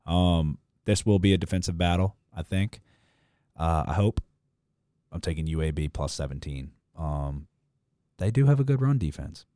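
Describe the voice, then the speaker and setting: A man's voice: deep voice, expressive, normal speed, mellow, no room sound, clean studio sound. A man co-hosting a casual sports betting chat, blunt and profane, rambling through his picks with lots of fillers.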